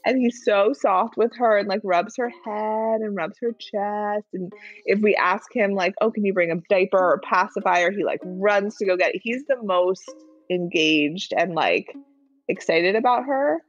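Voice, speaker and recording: A woman's voice: mid-range voice, a little slow, lo-fi sound, faint music behind. A woman in her thirties, a new mother, chatting frankly about life at home with a newborn and her kids. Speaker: new mother sharing voice memos. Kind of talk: casual chat and phone voice memos.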